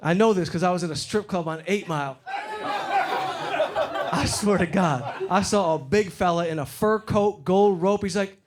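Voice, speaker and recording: A man's voice: high voice, normal speed, very noisy. A man in his forties from Detroit doing a brash, profane stand-up set on a club stage, acting out the people in his stories. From Detroit, USA. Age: 40s. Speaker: stand-up comedian. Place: comedy club stage before a live audience. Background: audience laughter.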